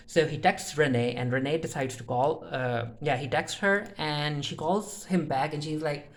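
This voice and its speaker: A casual episode reviewer talks through a TV recap at a middle pitch, neither high nor low. The delivery is loose and unscripted, full of "uh" and restarts, and keeps slipping into "he's like" and "she's like" to act out the characters' lines. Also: moderate pace, few pauses. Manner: retells scenes in the characters' voices with "he's like" and "she's like".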